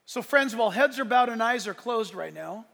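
Pastor guy preaching hard, gravelly voice, big echoey church sound. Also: very high-pitched, lively intonation, moderate pace, a bit bright. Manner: impassioned preaching, rising and falling in force. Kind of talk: sermon. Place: church sanctuary. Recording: long reverb of a large hall.

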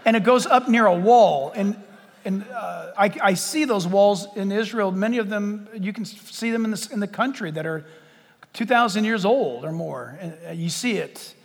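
A male pastor preaching a sermon in an animated way, acting out scenes and laughing often. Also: high voice, normal speed, gravelly, long reverb tail.

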